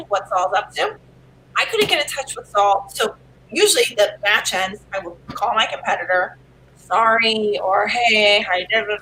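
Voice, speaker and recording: Bright, excitable woman chatting. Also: mid-range voice, slight background noise, rough recording. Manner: excitable, laughs often. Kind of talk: casual chat.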